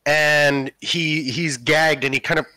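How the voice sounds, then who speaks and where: A male game master narrating a tabletop game slowly and descriptively, leaning on "kind of" as he sets each scene. His voice sits a little high and sounds bright, recorded dry and close to the mic. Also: steady tone, no room sound, low-quality recording. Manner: descriptive, with many fillers like "kind of".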